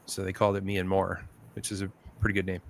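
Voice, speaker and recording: A livestream host with a low voice speaks at a quick pace in a completely flat delivery. He chats casually, telling easygoing stories and acting out quotes, with a little hiss or hum in the audio.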